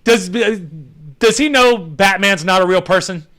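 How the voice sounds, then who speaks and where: A podcast host rants in a loose, comedic way, full of sarcasm and swearing. His voice sits a little high and has a very bright, forward ring. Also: measured pace. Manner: sarcastic, profane. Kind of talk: casual comedic rant.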